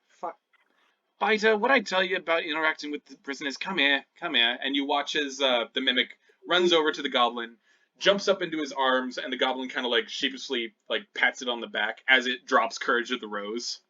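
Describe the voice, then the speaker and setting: A man running a tabletop game, describing scenes in a loose, rambling way full of "uh" and "like". His voice is bright and forceful, at a middle pitch. The mic sounds a little dull and lo-fi. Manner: loose, filler-heavy descriptive narration. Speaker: game master.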